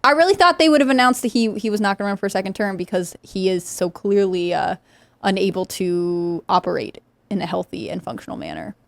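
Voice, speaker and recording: A woman's voice: mid-range voice, lively intonation, brisk, gravelly, dry recording. A woman on a political talk show panel, speaking conversationally with a mildly sarcastic edge.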